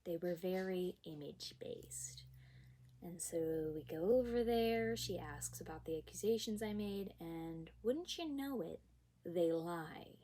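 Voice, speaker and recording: A young woman recounting a personal story for her vlog, with a fairly low, mellow voice. She tells it expressively and with emphasis, dropping into whispered asides now and then. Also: a little slow, slight background noise.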